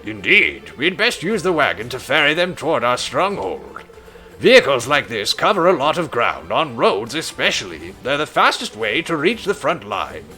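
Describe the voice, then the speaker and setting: A man voicing a calm royal advisor. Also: mid-range voice, faint music behind. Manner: measured, explanatory tutorial reading. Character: loyal male royal advisor, calm and instructive. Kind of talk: streamer voicing game dialogue.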